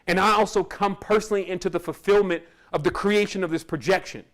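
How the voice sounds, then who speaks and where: High-voiced man telling a rambling story. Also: fairly even intonation, fast, a bit bright. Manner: casual, rambling, with frequent laughs. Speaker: spiritual teacher. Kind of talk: personal storytelling monologue.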